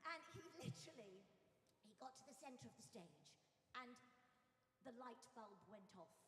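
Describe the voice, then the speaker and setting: A woman's voice: a little high, moderate pace, a little hiss or hum. Older woman telling stories in an echoey church. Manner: animated storyteller who acts out moments. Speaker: speaker at a memorial service. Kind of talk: anecdotal tribute speech. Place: large church. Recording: echoey church hall with faint music.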